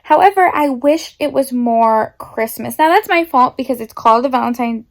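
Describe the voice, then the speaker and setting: Animated chatty young woman. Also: sits high. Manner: chatty and animated, drawn-out emphasis. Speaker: book vlogger. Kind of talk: casual chat about books.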